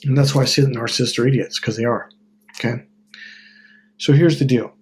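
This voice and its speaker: A husky-voiced man from Wisconsin talks straight to the camera in a loose, rambling monologue. He swears freely, restarts his sentences and corrects himself as he goes, at a middling pitch for a man. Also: fairly even intonation, a little fast, darkish tone. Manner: rambling, profane, self-correcting. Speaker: self-help video host. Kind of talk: casual monologue.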